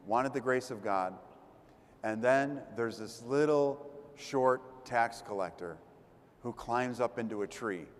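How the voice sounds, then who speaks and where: A man giving a conversational sermon as a priest, retelling gospel stories and acting out the crowd's voices. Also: medium pitch. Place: church. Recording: long church reverb.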